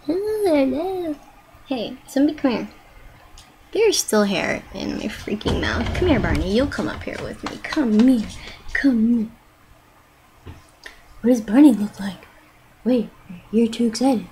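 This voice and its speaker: A woman's voice: fairly high pitch, lively intonation, unhurried, long pauses, dark tone, slightly rough, low-quality recording. A young woman rambling playfully into her webcam at home and cooing at her pets. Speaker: vlogger. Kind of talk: casual webcam chatter.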